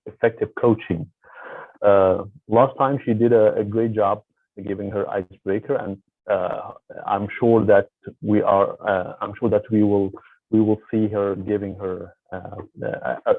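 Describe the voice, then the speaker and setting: A man evaluating speeches at a club meeting, halting with many fillers, heard over a call. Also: fairly low pitch, dry recording. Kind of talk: casual meeting talk. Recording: tinny phone-like call audio.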